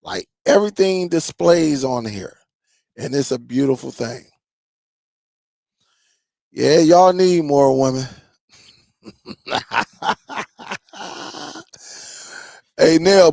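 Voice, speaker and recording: A man with a somewhat raised pitch and a gravelly, fry-laden edge talks straight to his viewers in a loose, rambling livestream chat. He laughs often and drifts from story to story. The sound is dry and close. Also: expressive, slow pace, long pauses, darkish tone, dry recording. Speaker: streaming tech channel host.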